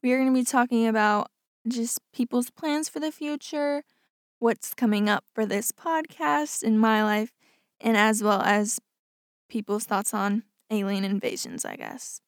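A young woman with a fairly high voice chats through her podcast in a casual, upbeat way. She sounds close and dry, with almost no room echo. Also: a little slow. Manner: chatty, says "like" often, laughs things off. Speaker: podcast host. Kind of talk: casual podcast chat reading listener stories.

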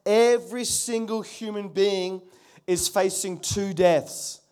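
A man's voice: high-pitched, fairly even intonation, takes it slowly, darkish tone, clean tone. A pastor preaching a sermon earnestly, asking his congregation rhetorical questions and calling for their response.

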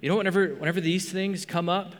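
A man's voice: high voice, steady tone, quick pace, in a large hall. A man preaching a sermon as pastor, earnest, often repeating words as he starts a phrase. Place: rec center meeting room.

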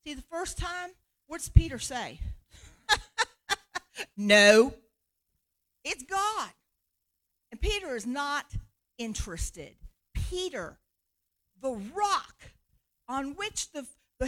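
A woman preacher giving a sermon in an animated, conversational way, laughing often. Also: high voice.

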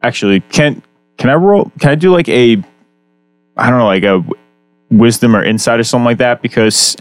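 A young man playing a tabletop game, relaxed and chatty as he describes his character's actions. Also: mid-range voice, brisk, no room sound, faint music behind. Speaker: player. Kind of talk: casual tabletop play.

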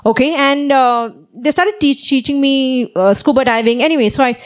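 A woman with a notably high voice delivers a sermon from the pulpit. She tells stories in a lively, animated way and keeps checking in with her listeners by asking "okay?". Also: moderate pace. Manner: animated storytelling, often asks "okay?". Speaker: preacher. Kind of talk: sermon with personal story.

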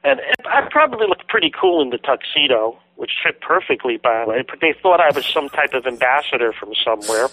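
A man's voice: medium pitch, brisk, few pauses, no room sound. A man, a guest author, telling a long story in an interview, acting out the words of the people in it. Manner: lively storyteller, voices other people's words. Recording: tinny dry phone line.

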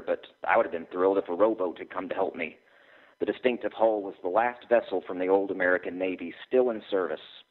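Low-voiced author on a phone line. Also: male voice. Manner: relaxed, with frequent "uh" and "um". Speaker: author and podcast guest. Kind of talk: casual chat and reading from his novel.

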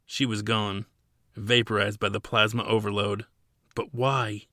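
A man's voice: fairly low pitch, flat delivery, measured pace, pushed and bright, no room sound, studio quality. A man narrating his own story as an audiobook in a dramatic storytelling manner. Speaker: narrator and author.

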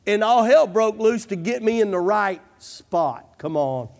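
Fervent pastor, high voice. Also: male voice, animated, measured pace, creaky, darkish tone. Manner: fervent, repeats "come on" and "I'm telling you". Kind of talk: sermon.

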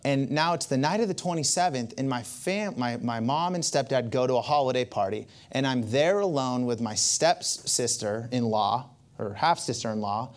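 A man's voice: medium pitch, expressive, moderate pace, hardly any pauses. A male pastor delivers a sermon and leans on a personal story. He talks like he is chatting, and often stops to aim asides at the congregation.

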